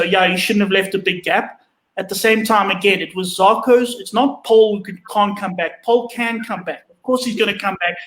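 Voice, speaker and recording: A man's voice: sits high, a bit bright, echoey room, rough recording. A man co-hosting a casual motorsport chat from home over a video call, loose and hesitant with wry asides. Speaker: co-host. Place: home room.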